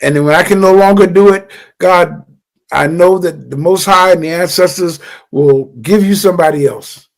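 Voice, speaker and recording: A man's voice: high-pitched, moderate pace, vocal fry. A man hosting a livestream, speaking earnestly and directly to his followers, often repeating and restarting phrases. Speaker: livestream host. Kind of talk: impassioned livestream address to followers.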